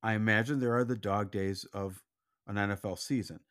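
Low-voiced, earnest man. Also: fairly even intonation, fairly quick. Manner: earnest, reflective, drops to a soft, quiet voice when doubtful. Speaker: podcast co-host. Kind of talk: casual sports chat.

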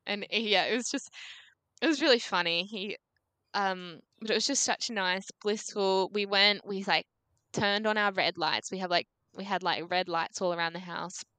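A woman's voice: mid-range voice, steady tone, normal speed, bright, forceful tone, no room sound. A young Australian woman in her twenties, a podcast guest telling a story casually, peppering her talk with "like" and acting out what people said. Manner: chatty, full of "like", acts out dialogue.

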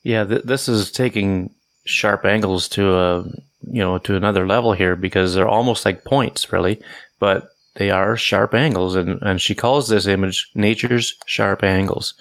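Male podcast co-host, deep and gravelly, rambling casual talk. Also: steady tone, normal speed, a bit bright, no echo. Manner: rambling, many fillers and restarts. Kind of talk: casual chat.

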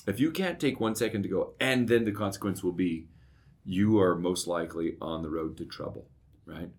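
Brief: middle-aged male co-host, deep low voice, casual storyteller, animated. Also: moderate pace. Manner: storytelling, animated when recounting, often asks "right?". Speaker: podcast co-host. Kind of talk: casual conversation.

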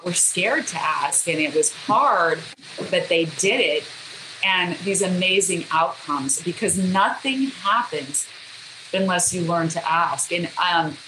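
A woman interviewed as a guest author, telling earnest stories in casual conversation. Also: fairly low pitch. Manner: earnest storytelling, acts out quoted speech. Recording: echoey room with background noise.

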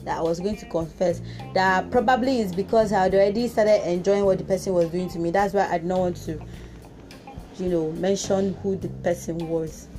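A woman with a Nigerian accent hosting a podcast, telling a personal story in a casual, expressive way with exclamations and Pidgin touches. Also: lowish voice, a little fast, music in the background. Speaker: podcast host.

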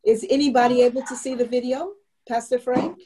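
A woman's voice: fairly high pitch, a little fast, dark tone, poor audio. A woman leading a church class in an online meeting, telling a story and earnestly exhorting her listeners.

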